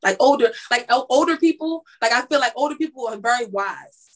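A woman's voice: on the high side, expressive, brisk. A woman who works as a makeup artist, telling her story in a casual interview, rambling and acting out what people said. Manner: rambling, restarts, acts out quoted dialogue. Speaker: guest, makeup artist and lash business owner.

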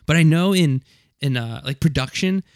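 A man's voice: a little high, animated, normal speed, a little mellow, no room sound, clean studio sound. A man co-hosting a podcast, rambling and hesitant in casual chat. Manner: rambling, hesitant, lots of restarts and laughs. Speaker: podcast co-host.

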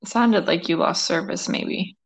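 A woman's voice: lowish voice, moderate pace, vocal fry. A woman hosting a podcast over a remote call, reacting with short questions. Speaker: podcast host. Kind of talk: casual chat. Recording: dull remote call line.

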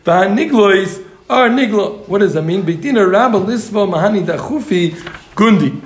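Man, Talmud teacher, Gemara class, high voice, joking asides, echoey room. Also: lively intonation. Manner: joking, quick asides to students.

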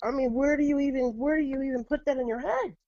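A woman's voice: sits high, fast, a little mellow, no room sound. Earnest woman telling a spooky story. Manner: earnest, repeats words, acts out her own reactions. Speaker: guest telling her own encounters. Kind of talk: casual storytelling interview. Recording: dull lo-fi audio.

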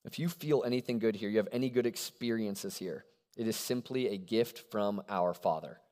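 A young adult man preaching a sermon to a college crowd, animated and conversational, often checking in with his listeners. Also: fairly low pitch, normal speed. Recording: long hall reverb.

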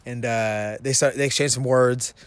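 Young man, mid-pitch, rambling storyteller who swears and laughs a lot; podcast co-host recorded outside. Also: fairly even intonation, normal speed, clear, resonant tone, no echo. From Vancouver, Washington. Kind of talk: casual storytelling. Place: outdoors in the cold.

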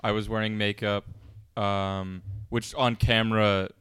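A man's voice: on the low side, flat delivery, a little slow, fairly bright tone, clear, resonant tone, no room sound, studio quality. A young man co-hosting a podcast, chatting casually and rambling with lots of fillers and self-mocking jokes. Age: young adult. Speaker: podcast co-host. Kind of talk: casual chat.

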